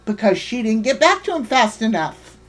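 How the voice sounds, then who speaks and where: A woman hosts a livestream in a heated, swearing rant. She keeps breaking off to thank and greet viewers in her chat by name. Her voice sits a little high. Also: big pitch swings, normal speed. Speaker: livestream host.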